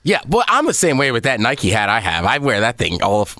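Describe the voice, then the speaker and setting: A man's voice: mid-range voice, wildly swooping pitch, fairly quick, bright, forceful tone, no echo, studio quality. A man in his thirties co-hosting a radio show, teasing and easygoing in casual banter.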